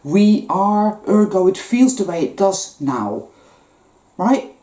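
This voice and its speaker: In an echoey room, a woman with a medium-pitched, dark voice delivers an intense, emotional spiritual monologue. She speaks slowly but very animatedly, gasping at times and occasionally swearing, in the style of a spiritual vlogger.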